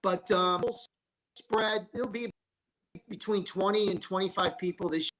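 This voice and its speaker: A man's voice: high voice, fairly even intonation, unhurried, a bit bright, low-quality recording. A man, a sports broadcaster and former restaurateur, chatting as a guest on a talk show. He rambles through stories and restarts his sentences often. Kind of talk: casual chat.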